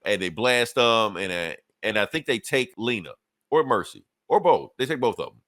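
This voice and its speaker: A man's voice: on the low side, expressive, fairly bright tone, no room sound. A man hosting a comic book podcast, chatting loosely and swearing as he retells events. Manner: loose, profane storytelling with quick acted-out quotes. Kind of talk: casual chat.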